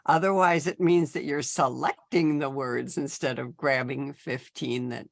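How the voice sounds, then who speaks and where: A woman's voice: extremely low pitch, steady tone, measured pace, creaky, dry recording, studio quality. A woman leading a poetry workshop, patiently explaining each step to her participants. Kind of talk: giving workshop instructions.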